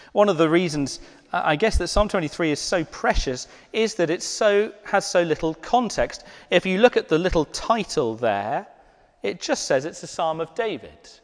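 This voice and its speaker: Man, pastor preaching, very slow, hushed emphases, reverberant church hall. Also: fairly high pitch. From Britain. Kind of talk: sermon.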